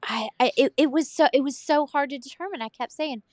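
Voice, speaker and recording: A woman with a Southern US accent co-hosting a casual chat, telling stories in an animated way and laughing as she goes. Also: high voice, a little fast, no echo, studio quality. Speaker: podcast co-host.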